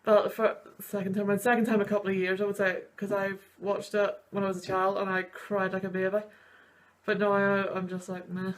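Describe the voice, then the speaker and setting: A woman's voice: medium pitch, level tone, a little fast. Twenty-something girl gushing and rambling about sad movie bits, voice wobbly like she might cry. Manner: gushing, rambling, sniffly over sad scenes. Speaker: university student and video host. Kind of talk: emotional reaction commentary.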